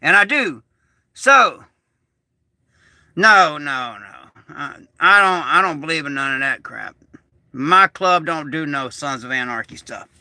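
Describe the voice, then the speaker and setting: A man telling a rambling, excitable story on a casual livestream, swearing and restarting often. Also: a little high, slow pace, no room sound. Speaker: prepper vlogger. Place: small shed turned bunker.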